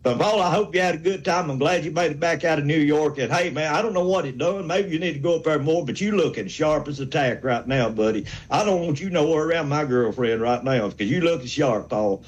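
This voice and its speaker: This is a man in his sixties with a drawl, calling a sports talk show. His voice sits slightly high for a man, and he talks in a folksy, rambling, worked-up way. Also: fairly quick, hardly any pauses, poor audio. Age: 60s. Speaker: caller. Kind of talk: sports call-in rant.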